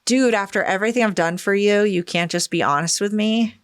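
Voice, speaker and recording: A woman's voice: mid-range voice, brisk, clean tone, no room sound, clean studio sound. A woman podcast host reading a listener's story aloud, expressively acting out the quoted lines.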